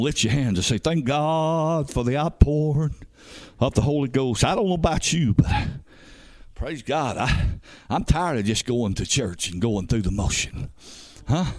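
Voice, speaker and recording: Fervent male evangelist preaching. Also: on the high side. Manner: fervent, frequent hallelujahs, builds to shouting. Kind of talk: revival sermon.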